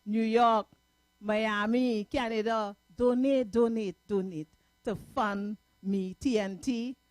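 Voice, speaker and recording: Trinidadian female calypso singer, high and slow-spoken, dry close mic. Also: fairly even intonation, a little mellow, no room sound. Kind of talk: live stream performance chat.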